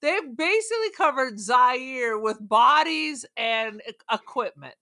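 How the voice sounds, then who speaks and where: A woman's voice: sits high, lively intonation, unhurried, bright, forceful tone. A woman co-hosting a podcast in casual chat, sarcastic and blunt as she riffs on a movie. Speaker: podcast co-host.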